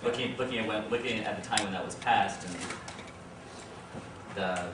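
A man in the audience asking a question in a halting way, often restarting his phrases. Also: on the low side. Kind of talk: question from the floor. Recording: echoey hall from far off, loud noise.

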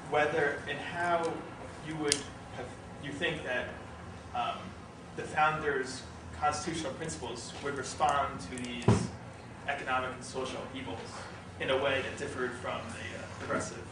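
A man's voice: mid-range voice, little pitch movement. Hesitant man questioning from the floor. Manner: hesitant, many pauses and fillers. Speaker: audience member asking a question. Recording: echoey hall from far off, clear noise.

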